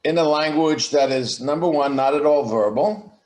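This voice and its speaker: A man's voice, a little high and a little mellow, sounds roomy as he talks as a podcast guest via video call. He explains his ideas in a slow, reflective way during the conversational interview, often beginning sentences again.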